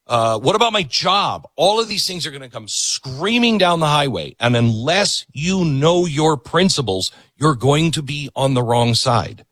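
On a political talk radio monologue, a middle-aged host with a slightly high voice speaks at a measured pace with hardly any pauses, his intonation swinging up and down. He drives his points home, repeating words for emphasis. The audio is dry and close, with no room sound at all.

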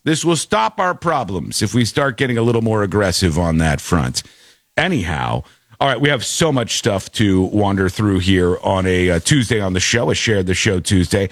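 A man hosting a talk show, telling stories in a rambling, animated way with quick asides. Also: fairly low pitch, no room sound, studio quality. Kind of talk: casual talk show chat.

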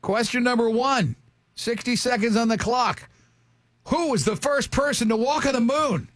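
A man's voice: very high-pitched, normal speed, a bit bright, a little hiss or hum. A man hosting a morning radio show, running a call-in quiz with joking, teasing banter.

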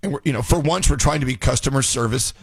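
A man's voice: medium pitch, quick pace, creaky, slightly rough, no room sound. A man hosting a radio show in casual banter, joking and restarting his sentences. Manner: animated, joking, stammering restarts.

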